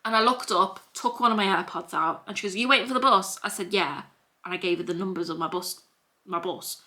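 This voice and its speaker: A young woman with a Scouse accent tells a story at home in a hoodie for her vlog, speaking a little fast in a lowish, steady, bright and forceful voice. The chat rambles and repeats, with restarts piling up.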